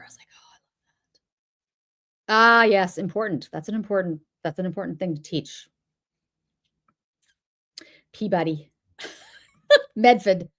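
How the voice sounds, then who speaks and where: A woman hosting a live video, chatty and rambling as she answers viewers one after another. She is middle-aged and from the Boston area, and her voice sits at an ordinary middle pitch. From Boston area, New England. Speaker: livestream host. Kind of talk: casual livestream chat reading comments.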